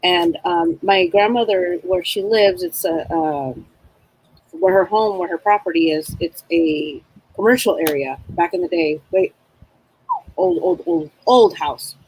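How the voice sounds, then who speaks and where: A middle-aged woman giving a psychic reading in casual, rambling chat, with a husky voice. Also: on the low side, expressive, measured pace, a little mellow, poor audio. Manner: rambling, chatty, acts out spirits' voices. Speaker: psychic reader.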